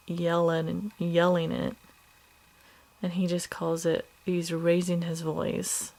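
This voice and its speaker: Mother recording an upset video diary, slow, flat, halting delivery, gravelly low tone. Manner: halting, hesitant, many fillers and restarts; subdued, drops at times to a whisper. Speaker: mother of two young children.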